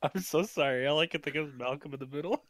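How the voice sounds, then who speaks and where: A man's voice: on the high side, fast talker. A man playing in a tabletop game, teasing the others in a mock-indignant way. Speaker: player. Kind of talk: tabletop role-play banter. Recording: loud background noise.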